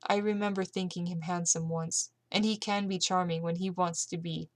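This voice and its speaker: A woman's voice: on the low side, steady tone, normal speed, no echo, lightly acted. A woman putting on a French-accented frightened lady. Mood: urgent. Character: frightened woman from France, spirited and blunt.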